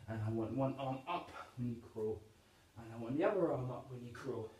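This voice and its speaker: A man's voice: mid-range voice, brisk, warm tone. A man leads young children through a PE lesson from home, upbeat and encouraging as he counts down and shows each move. He stands a way off from the camera, so his voice is distant. The room gives it a roomy echo. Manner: upbeat, encouraging, demonstrating moves while talking. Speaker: PE teacher.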